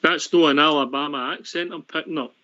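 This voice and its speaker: Scottish radio host guy, cheeky teasing banter, higher voice, dull lo-fi sound. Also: steady tone, fairly quick, pushed and bright. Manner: jokey, teasing. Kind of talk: phone-in radio hosting. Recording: dull lo-fi line.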